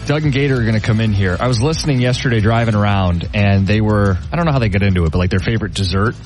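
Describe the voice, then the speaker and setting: A man co-hosting a radio sports show, telling a story with animated delivery and stammering restarts. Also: fairly low pitch, very fast, faint music behind. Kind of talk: casual radio banter.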